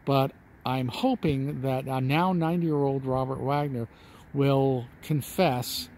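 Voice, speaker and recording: A man's voice: mid-range voice, fairly even intonation, slow pace, a little mellow, slight background noise. A man hosting a true-crime vlog, talking in a chatty, folksy way to his viewers while standing outdoors on a residential street. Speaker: channel host.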